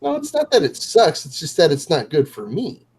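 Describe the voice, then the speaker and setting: A man's voice: a little high, wildly swooping pitch, moderate pace, darkish tone, husky, low-quality recording. A man chatting casually on a late-night livestream, rambling and poking fun at himself with lots of fillers. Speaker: co-host of a livestream.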